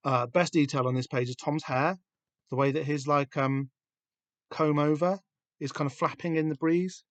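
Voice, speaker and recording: A man with a Southern English accent hosting a podcast, chatting casually and excitedly about a comic, swearing freely and rambling with lots of fillers. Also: fairly high pitch, normal speed, no echo. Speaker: podcast host. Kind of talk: casual comic book discussion.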